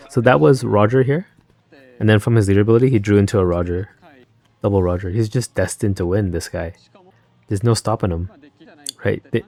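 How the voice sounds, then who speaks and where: This card game YouTuber has a warm, lowish voice as he gives casual live reaction commentary on a match. He thinks aloud and drifts into chatty, rambling asides.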